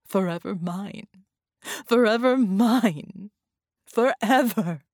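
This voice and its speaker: A woman voicing a cruel, seductive woman captor who speaks in a slow, possessive hush. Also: lowish voice, lively intonation, breathy edge, no room sound, studio quality, exaggerated voice. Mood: triumphant.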